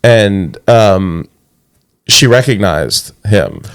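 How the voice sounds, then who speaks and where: A man co-hosting a casual movie chat, telling trivia in a relaxed way. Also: low voice, extremely slow, smooth. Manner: relaxed storyteller sharing trivia. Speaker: podcast co-host.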